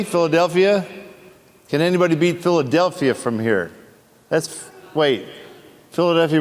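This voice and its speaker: An actor on a convention panel, a man joking and teasing audience members in playful, quick asides. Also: fairly high pitch. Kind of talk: comedic Q&A banter with the audience. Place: convention hall. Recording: echoey convention hall.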